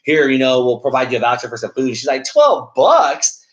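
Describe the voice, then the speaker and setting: A man co-hosting a casual podcast who talks quickly and piles on slang and fillers like "like" and "dude." His voice sits at a middling pitch, and the recording sounds dull and lo-fi. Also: level tone. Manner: loose storytelling with slang and fillers. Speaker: podcast co-host. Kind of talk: casual chat.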